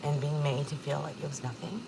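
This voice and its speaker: A woman's voice: low-pitched, fairly even intonation, fairly quick, creaky, background noise. A woman in her forties hosting a casual livestream from her kitchen, talking candidly and emotionally and swearing freely, close to tears. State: tearful. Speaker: livestream host. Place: home kitchen.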